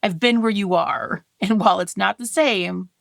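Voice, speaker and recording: A woman's voice: mid-range voice, normal speed, gravelly, no echo. A woman in her thirties co-hosting a casual podcast chat, candid and chatty, laughing often. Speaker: podcast co-host.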